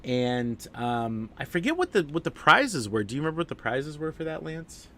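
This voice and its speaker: A man's voice: on the high side, big pitch swings, moderate pace, fairly bright tone. A man with a cold and a nasal voice, hosting a live stream in a rambling casual way with many fillers.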